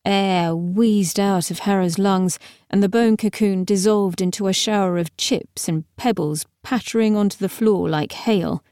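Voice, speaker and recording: A woman's voice: mid-range voice, a little slow, darkish tone, smooth, no room sound. Woman narrating an audiobook, dry close sound. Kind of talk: scripted narration.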